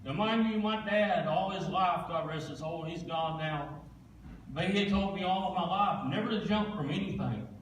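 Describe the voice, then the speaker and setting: A man's voice: sits high, normal speed, a little hiss or hum. Folksy man in his forties, speaking from a distance in a reverberant sanctuary. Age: 40s. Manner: plain-spoken storytelling, folksy Southern phrasing. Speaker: guest speaker. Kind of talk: testimony in a church service. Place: church sanctuary. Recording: echoey church room, distant mic.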